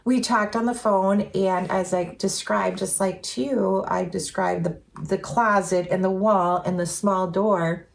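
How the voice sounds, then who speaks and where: A woman telling stories in an earnest, chatty way, full of fillers and with softly voiced quotes, as co-host of a casual talk. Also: mid-range voice, steady tone, a little slow, vocal fry, hardly any pauses. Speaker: co-host sharing spiritual experiences. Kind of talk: casual storytelling chat.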